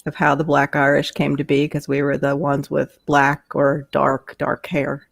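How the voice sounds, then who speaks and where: A woman hosting a late-night livestream, chatty, getting louder when she gets excited. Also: low voice, unhurried, vocal fry, no echo. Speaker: livestream host. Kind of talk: casual chat.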